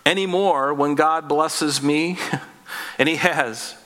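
Male pastor, earnest conversational sermon, bright tone, reverberant sanctuary. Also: fairly high pitch, fairly even intonation, slow. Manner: earnest, conversational preaching with rhetorical questions.

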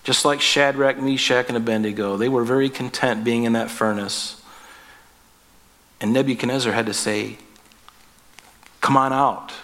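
A man's voice: medium pitch, steady tone, moderate pace, a bit bright, big-room sound. A man preaching a sermon as pastor, earnest and emphatic, asking the listeners direct questions.

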